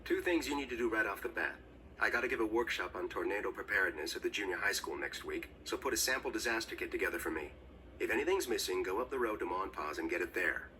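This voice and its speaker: A gruff, cynical storm professor. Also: male voice, low voice, expressive, quick pace, pushed and bright, far from the mic, a little hiss or hum, rough recording. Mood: brusque. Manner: gruff, bitter and world-weary. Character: weary, cynical middle-aged male storm professor. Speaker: game character.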